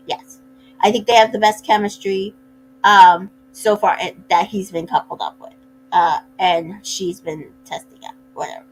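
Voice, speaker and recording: A woman hosting a casual recap, chatty and opinionated, with sassy asides and quick voices for the people she quotes. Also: medium pitch, a little hiss or hum, low-quality recording. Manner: acts out cast members' lines in quick voices. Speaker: recap host.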